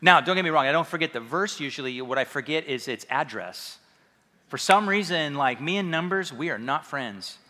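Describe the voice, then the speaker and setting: Bright-voiced male pastor preaching. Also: a little high, lively intonation, normal speed. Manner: conversational and self-deprecating, with humor. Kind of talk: sermon. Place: church hall. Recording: reverberant hall sound.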